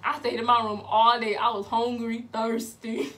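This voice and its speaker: High-voiced woman telling a story. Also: moderate pace. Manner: animated, dramatic, laughing retelling. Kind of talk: casual personal storytelling.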